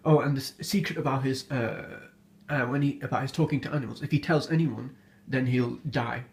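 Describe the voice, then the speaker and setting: A man's voice: mid-range voice, steady tone, fairly quick, a little mellow. A man casually retelling an old folk tale, hesitant and full of fillers, often amused by his own story.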